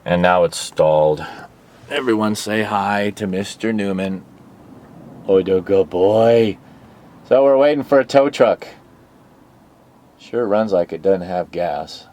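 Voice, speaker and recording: A man's voice: low-pitched, slow, long pauses, darkish tone. A man vlogging casually and with profanity outdoors by a busy roadside, explaining car trouble into a handheld phone camera. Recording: outdoor traffic noise.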